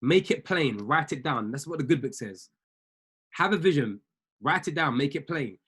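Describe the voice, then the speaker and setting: A high-voiced man coaches traders like a preacher, urging his listeners on and hammering points home by saying them again. His voice is husky. He speaks straight to the group. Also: animated, normal speed, a bit bright. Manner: preacher-like, repeats lines for emphasis; exhorting, talks straight to listeners. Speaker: trading coach. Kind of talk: motivational talk to an online group.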